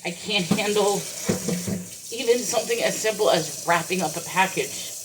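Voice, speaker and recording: A woman recording a personal vlog rant speaks at a medium pitch and moderate pace while doing dishes in her kitchen, with noise in the background. She talks about her struggles tearfully, holding back from crying.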